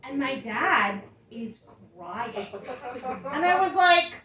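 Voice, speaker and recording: A woman's voice: high voice, big pitch swings, slow, muffled recording. A woman in her thirties performing a stand-up comedy set with wry, self-deprecating storytelling. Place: comedy club stage before a laughing crowd. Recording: echoey club recording from a distance, crowd laughter.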